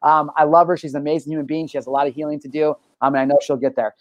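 Male live-show host, slightly high-pitched, lively swearing storyteller, dry close sound. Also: rapid-fire, no room sound. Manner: energetic, animated storyteller, swears freely. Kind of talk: casual live-stream chat and storytelling.

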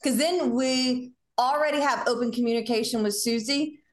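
Southern lady host, chatty and animated, voice a bit high, echoey room. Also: moderate pace. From Southern United States. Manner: animated, acts out sample dialogue in lively voices. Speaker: podcast host. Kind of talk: casual conversational coaching.

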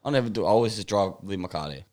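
A man's voice: on the low side, lively intonation, racing, a little mellow. A young Australian man talks in a laid-back, easygoing way. His casual chat is full of swearing and loose anecdotes. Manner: laid-back, sweary, laughs while telling stories.

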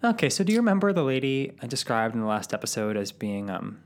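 A man's voice: mid-range voice, very animated, fast. Man telling a rambling story. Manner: rambling, with many ums. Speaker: podcast co-host. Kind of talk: casual storytelling.

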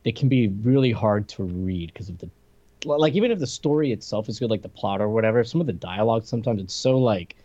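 A man's voice: lowish voice, lively intonation, fast talker, dark tone, muffled recording. A man co-hosting a podcast, chatting casually about comics with lots of hesitant restarts and jokes. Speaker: podcast co-host.

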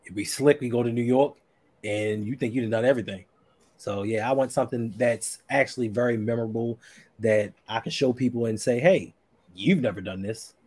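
A man's voice: mid-range voice, fairly even intonation, a little fast, darkish tone. A man from Baltimore with a Baltimore accent, hosting a casual podcast chat in an easygoing, teasing way. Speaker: host.

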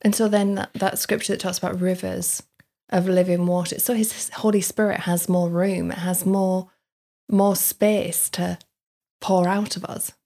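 A woman co-hosting a casual faith chat, thoughtful, with soft affirming murmurs. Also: on the low side, level tone, measured pace. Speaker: co-host.

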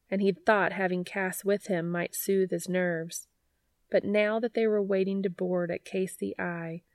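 A woman narrating a fan fiction audiobook in an even, unhurried, quiet reading voice. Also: lowish voice, dry recording. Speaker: podfic reader.

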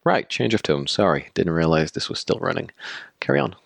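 A man's voice: low-pitched, big pitch swings, fairly quick, vocal fry, exaggerated voice. An actor playing a playful male interviewer who needles his guest in an audio drama. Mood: teasing. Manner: teasing, playful.

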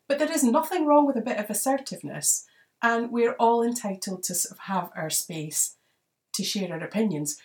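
A woman's voice: medium pitch, distant mic. A woman hosting a podcast, giving advice in a chatty way, often saying "you know" as she goes. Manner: conversational, many "you know" fillers. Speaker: podcast host. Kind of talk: solo advice talk.

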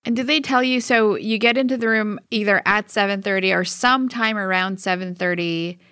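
A woman's voice: medium pitch, brisk, a bit bright, smooth, no room sound, studio quality. A woman interviewer who recaps what she has heard and then asks probing follow-up questions. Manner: probing, recaps before asking.

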